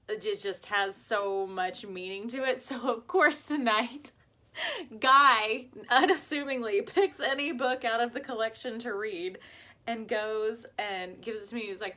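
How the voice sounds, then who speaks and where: A woman's voice: mid-range voice, pushed and bright. A woman hosting a live craft video, chatting to viewers in a bubbly, talkative way, laughing often and answering comments. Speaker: host of a live craft and ribbon shop video. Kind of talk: chatty livestream talk to viewers.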